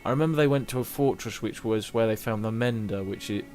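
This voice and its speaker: A man's voice: on the low side, fast, a little mellow, faint music behind. A young man chatting casually while streaming a video game, rambling and reading game text aloud. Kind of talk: casual live gameplay commentary.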